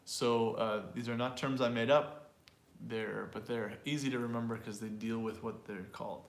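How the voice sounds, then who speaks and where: A man's voice: medium pitch, fairly even intonation, moderate pace, vocal fry. A male language teacher leads an online pronunciation lesson in a loose, chatty way. He repeats example phrases aloud to show how they sound, with a mid-range voice. The room gives his voice a noticeable echo. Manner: loose and chatty, with fillers and small laughs.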